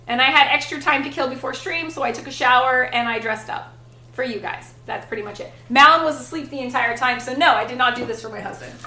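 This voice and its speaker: A young woman with a high, bright voice chats bluntly while she cooks on her livestream, swearing now and then. The kitchen sounds echoey, with faint sizzling behind her. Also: quick pace, slight background noise. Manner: chatty, blunt, swears casually. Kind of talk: casual chat while cooking on stream. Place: home kitchen.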